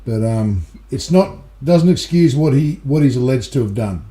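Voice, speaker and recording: Casting: Australian male co-host, warm low-key tone, roomy echo, loose and rambling. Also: normal speed. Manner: relaxed, rambling, repeats words. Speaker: regular co-host. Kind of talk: casual podcast chat. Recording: echoey room.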